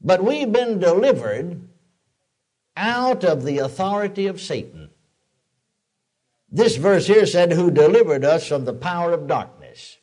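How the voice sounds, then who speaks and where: A man's voice: high voice, animated, a little slow, long pauses, darkish tone. Older man preaching a folksy sermon. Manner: folksy storytelling preaching, rising to emphatic declarations.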